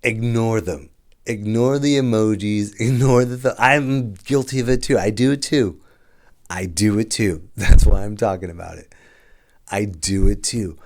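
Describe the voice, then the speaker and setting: A male comedian hosting a casual solo podcast from a hotel room, talking in an excitable, animated way and swearing freely. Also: on the low side, unhurried. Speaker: stand-up comedian and podcast host.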